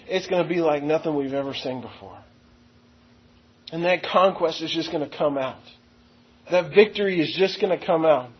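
High, husky-voiced man preaching a sermon. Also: highs cut off. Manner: teaching verse by verse, stressing key words; slows to read scripture aloud. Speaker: pastor.

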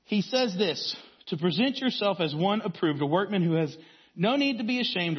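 A man with a high, husky voice preaches a sermon, weaving in stories. He swings from strong emphasis down to hushed, quiet lines. The recording sounds a little dull and lo-fi. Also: lively intonation, moderate pace. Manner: storytelling preacher, varies volume from strong to hushed. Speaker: youth pastor.

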